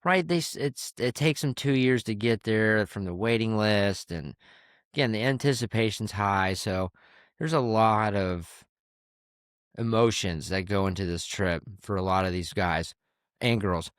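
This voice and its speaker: A man's voice: on the low side, measured pace, clean tone, no echo, clean studio sound. A man who works as a caddie and hosts a podcast, telling stories from the course in a candid, conversational way and swearing casually. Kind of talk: casual storytelling.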